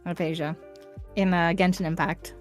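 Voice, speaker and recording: A woman from Northern Ireland with a Northern Irish accent, a voice actor chatting as a guest on a livestream in an animated, talkative way. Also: fairly low pitch, moderate pace, faint music behind. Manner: chatty, animated, laughs often. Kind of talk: casual chat on a livestream.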